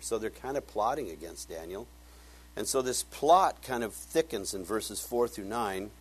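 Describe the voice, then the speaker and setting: A man's voice: lowish voice, expressive, normal speed, slight background noise. An older man giving a casual Bible teaching, telling folksy stories and acting out the voices of the people in them. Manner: folksy storytelling, acts out quoted voices. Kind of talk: casual sermon.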